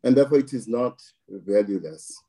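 A man giving measured political commentary, slow and deliberate, stressing words through repetition. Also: mid-range voice, animated, mellow. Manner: slow, deliberate, emphatic with repeated phrasing.

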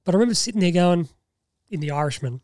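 A man co-hosting a casual podcast chat, telling stories and quoting scenes with lively energy. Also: sits high, rapid-fire, no room sound, clean studio sound. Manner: animated storyteller, quotes scenes in put-on voices. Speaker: podcast co-host.

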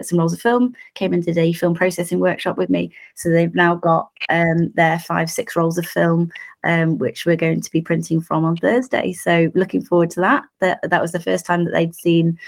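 A woman with a croaky voice, chatting casually as a photographer full of ums. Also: on the low side. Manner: lots of ums, rambling. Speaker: podcast guest photographer. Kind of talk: casual chat.

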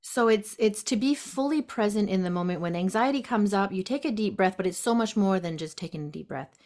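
A woman guest on a podcast, gently explaining step by step how to handle anxiety, acting out the inner voice. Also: medium pitch, a little fast. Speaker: guest, intuitive health practitioner. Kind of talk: casual podcast conversation. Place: sunroom at home.

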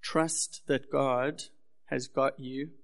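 A man's voice: mid-range voice, steady tone, drawn-out words, vocal fry. A young man preaching a sermon as pastor, earnest and building in intensity.

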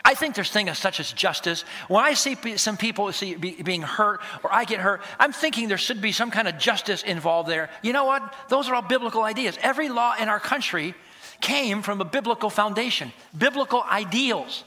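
A male pastor preaching an emphatic, animated sermon and acting out conversations. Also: sits high, brisk. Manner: animated, emphatic, acts out dialogues.

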